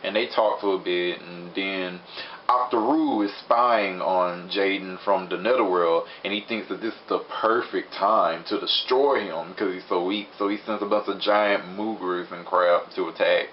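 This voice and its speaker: Rambling low-voiced young man recapping. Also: normal speed. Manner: rambling, chatty, fond of filler words. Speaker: show reviewer. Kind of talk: casual episode recap. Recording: dull lo-fi recording with faint hiss.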